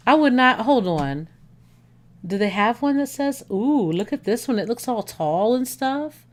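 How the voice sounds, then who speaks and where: A woman hosting a casual livestream, chatting excitedly. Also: mid-range voice, a little slow. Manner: excitable, gushing, talks to viewers. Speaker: livestream host.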